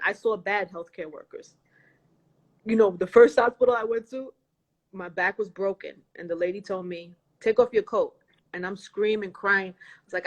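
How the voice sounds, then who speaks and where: Woman, mid-pitched, livestream guest, earnest and open, video call audio. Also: lo-fi sound. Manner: earnest, recounting a painful ordeal. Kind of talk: casual livestream conversation.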